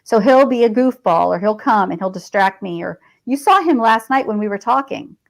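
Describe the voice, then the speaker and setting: A woman's voice: mid-range voice, animated, moderate pace, vocal fry, low-quality recording. A middle-aged woman, a veteran and author guesting on a podcast, telling personal stories in a chatty, digressive way. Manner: chatty and digressive, with frequent fillers and laughs. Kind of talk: casual conversational storytelling.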